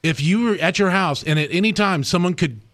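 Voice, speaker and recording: A man's voice: sits high, fairly quick, a bit bright. A man hosting a radio show who tells a story casually and animatedly, laughing and acting out other voices.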